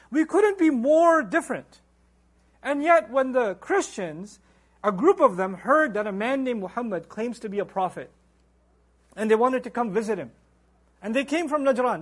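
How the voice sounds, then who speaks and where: A middle-aged man giving a religious lecture, animated and acting out quoted voices. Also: very high-pitched. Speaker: Islamic lecturer.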